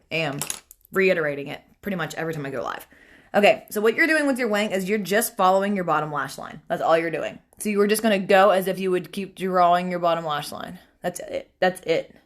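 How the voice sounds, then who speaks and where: A chatty young woman hosts a casual makeup tutorial over a phone livestream, talking to her viewers and to family nearby as she works. Her voice sits a little low for a woman. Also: a bit bright. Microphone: phone camera.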